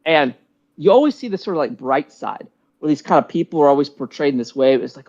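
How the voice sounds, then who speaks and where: A man's voice: fairly high pitch, expressive, quick pace, darkish tone, dull audio. A man chatting casually on a podcast, rambling and full of "like" fillers. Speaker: podcast co-host. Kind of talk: casual chat.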